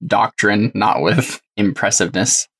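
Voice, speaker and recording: A man's voice: on the low side, a little slow, a bit bright, breathy edge. A man running a tabletop game as game master, narrating in an easygoing, loose way.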